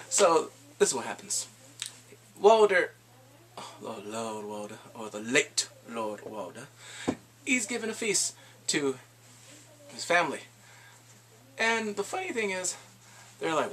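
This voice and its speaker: A man giving an excited, casual recap of a TV episode, exclaiming and acting out his own reactions. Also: on the high side, moderate pace, pauses often. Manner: animated, exclaims and acts out reactions. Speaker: TV episode reviewer.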